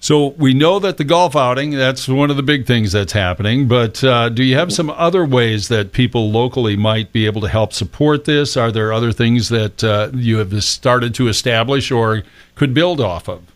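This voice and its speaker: A man's voice: mid-range voice, moderate pace. A man hosting a local radio interview, asking rambling questions with fillers. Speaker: radio host.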